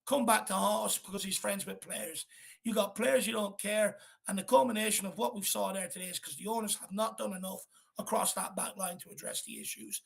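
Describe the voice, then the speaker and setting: A man's voice: sits high, steady tone, fairly quick, vocal fry. A man hosting a live football fan chat, angry and blunt, swearing as he vents. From Ireland. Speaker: fan channel host.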